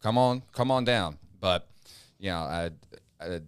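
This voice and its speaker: A man's voice: low voice, lively intonation, unhurried, smooth, no echo. A man who runs the podcast network, chatting casually and making dry, joking asides. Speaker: network founder and CEO.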